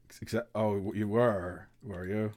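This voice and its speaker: A man narrating as game master, talking slowly with many halting restarts and laughs. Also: lowish voice, fairly even intonation, a little mellow. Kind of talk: narrating a tabletop game over voice chat.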